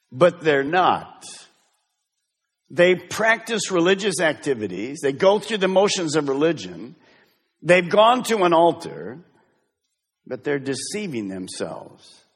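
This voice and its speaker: Middle-aged male pastor, lively dramatic preaching, husky tone, church hall echo. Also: a little high. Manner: emphatic, swings from loud exhortation to hushed intensity. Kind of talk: sermon. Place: church sanctuary.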